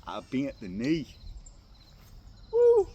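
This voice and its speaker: A man giving an impassioned, tearful Christian motivational talk to other men, swinging from hushed tones to loud bursts. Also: mid-range voice, very animated, measured pace, husky, highs cut off. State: tearful at times. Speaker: faith speaker addressing men.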